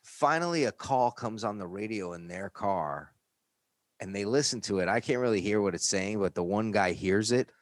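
Low voiced guy from new york telling a story, acts out the yelling, dry close sound. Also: moderate pace, no echo. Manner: animated, acts out shouting cops. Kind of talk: casual storytelling chat.

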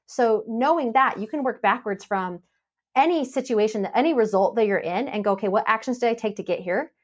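A woman guest on a podcast, explaining her method in a relaxed, chatty way and acting out the lines she said in past moments. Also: fairly high pitch, a little fast. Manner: animated storytelling, acts out her own past lines. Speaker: podcast guest, happiness mentor. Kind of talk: casual podcast interview.

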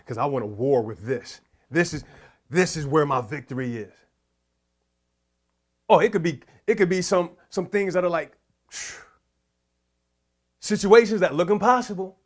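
A man's voice: high voice, very animated, unhurried, long pauses. A man preaching a sermon, fervent and prayerful, repeating his exhortations.

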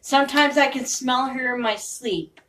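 A woman's voice: high-pitched, normal speed, fairly bright tone, distant mic, rough recording. Profane, intense woman, off-mic. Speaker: podcaster. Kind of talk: rambling monologue.

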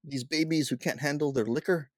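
A man's voice: fairly high pitch, fairly quick, no echo, clean studio sound. A man telling a funny party story in casual chat, laughing and swearing as he goes.

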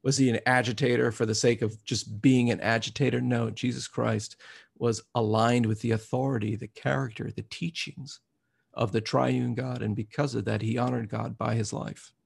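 A man's voice: medium pitch, flat delivery, normal speed, creaky, husky. A man preaching a sermon, reflective at first and growing emphatic as he reads scripture aloud.

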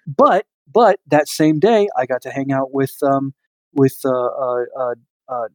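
Man co-hosting a podcast, rambling and hesitant, mid-pitched, dry close mic. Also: a little slow, no echo. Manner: rambling, many fillers and restarts. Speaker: podcast co-host. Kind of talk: casual podcast chat.

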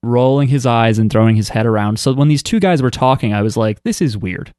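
A man's voice: medium pitch, a little fast, darkish tone, clean tone, no echo. Guy rambling through a podcast chat, lots of ums and likes, dry close sound, voice sits mid-range. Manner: rambling and chatty, with many "um" and "like" fillers. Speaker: podcast co-host. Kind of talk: casual chat.

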